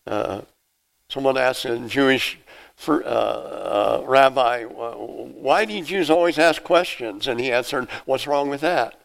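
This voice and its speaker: An older man preaching a sermon with emphatic repetition and sudden loud swells of emphasis. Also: medium pitch, slow, creaky, rough recording. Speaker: pastor.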